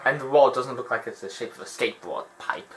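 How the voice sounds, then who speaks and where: A man giving rambling, animated gaming commentary and laughing often. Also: medium pitch, a little fast, very noisy. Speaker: let's play host.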